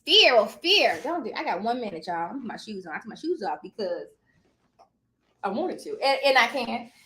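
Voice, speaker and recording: A woman's voice: fairly high pitch, very animated, moderate pace, bright, forceful tone. A woman in her thirties hosting a live stream, giving emphatic motivational advice straight to her viewers in a casual way. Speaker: live-stream host and notary coach.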